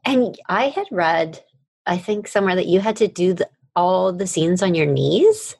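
A woman's voice: on the low side, lively intonation, moderate pace, gravelly, a little mellow, husky, dry recording, clean studio sound. A woman interviewer who asks questions and answers mostly with brief backchannels and laughter.

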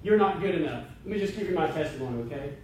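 A man preaching a sermon in a church, his voice rising into impassioned emphasis. It sits slightly high for a man. The sound is very echoey and picked up from some distance away, with a faint room hum behind it. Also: animated, racing, a little mellow. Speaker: pastor. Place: church sanctuary.

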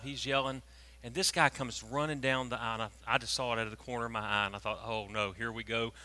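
A preacher, telling a story in a sermon and swinging from hushed tones to loud, animated moments. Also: male voice, mid-range voice. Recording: long reverb of a large hall.

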